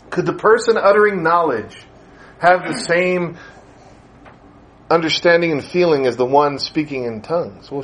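Animated middle-aged male preacher. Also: fairly high pitch. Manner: conversational, animated, acts out quoted voices. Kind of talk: sermon.

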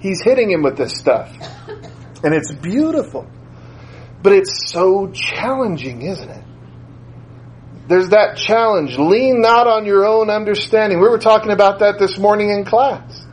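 A man's voice: high-pitched, expressive, measured pace, long pauses, slight background noise, low-quality recording. A man preaching a sermon in a conversational way, repeating phrases for emphasis. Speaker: school teacher.

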